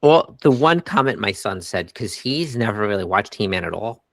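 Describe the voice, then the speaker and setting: Middle-aged man, co-host, low voice, dry close sound, animated scene-quoting. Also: moderate pace, creaky, no echo. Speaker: podcast co-host. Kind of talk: casual movie review chat.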